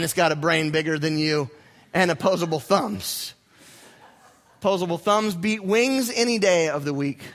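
A young adult man, a pastor, telling a story in a sermon with animated, self-mocking humor. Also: on the high side, moderate pace.

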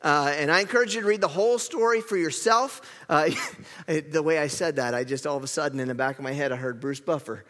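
Bright-voiced man preaching in a reverberant church. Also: a little high, fast. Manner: chatty, self-correcting, joking with the congregation. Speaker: pastor. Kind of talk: sermon. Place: church sanctuary.

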